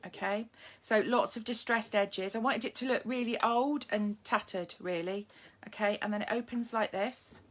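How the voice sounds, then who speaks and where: A woman hosting a live papercraft demonstration from her home craft desk, chatty and eager, greeting viewers by name and filling pauses with ums and restarts, recorded on a streaming camera. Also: on the high side, steady tone. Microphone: phone or camera streaming live.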